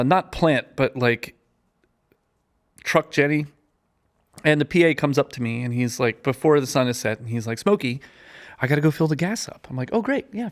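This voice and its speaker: A man with a fairly high voice tells a story in a loose, chatty way. He fills pauses with um and like. He jumps far up in pitch whenever he acts out what someone said. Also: clear, resonant tone. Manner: animated, acts out quotes with big pitch jumps; chatty, many fillers and restarts. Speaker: podcast guest, gaffer and cinematographer. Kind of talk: casual storytelling.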